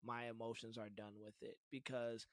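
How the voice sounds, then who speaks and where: A man's voice: mid-range voice, flat delivery, moderate pace, dry recording. Laid-back man telling stories, chuckling. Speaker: podcast co-host. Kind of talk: casual sports chat.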